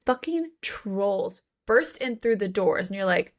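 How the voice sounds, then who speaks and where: A woman's voice: medium pitch, animated, measured pace, few pauses. A woman co-hosting a podcast, recapping a book in casual chat with playful swearing and mock quotes. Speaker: podcast co-host.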